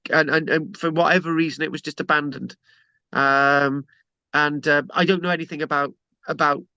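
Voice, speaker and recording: A man's voice: fairly high pitch, sharp tone, no room sound. A man gives a casual, rambling history talk with many fillers and jokes. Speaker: local historian presenter. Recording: dull lo-fi dry recording.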